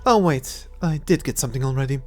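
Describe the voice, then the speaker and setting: A woman's voice: a bass voice, lively intonation, fairly quick, a little mellow, soft background music. A woman voicing a cocky young adventurer-thief who talks in a playful, mocking way, in a fan audio drama. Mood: teasing. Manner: playful, mocking, laughs often.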